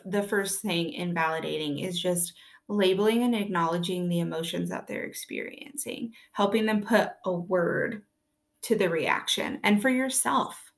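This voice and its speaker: A young woman and parent, gently and earnestly teaching viewers how to help children through grief, often repeating her key phrases. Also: medium pitch. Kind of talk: informal teaching talk to viewers.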